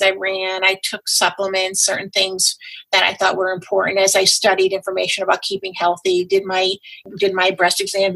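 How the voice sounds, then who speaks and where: A woman guest in a relaxed interview, speaking in a bright, forward voice with a husky edge. She tells her story with animation, and her voice leaps up whenever she acts out what people said. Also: poor audio. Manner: animated, acts out quoted dialogue with big pitch jumps. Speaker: guest, patient advocate.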